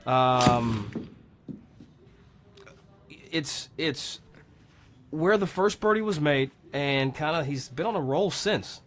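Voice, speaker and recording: A man doing live golf commentary, chatty and excitable, cracking jokes with his co-host. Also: a little high, takes it slowly, long pauses.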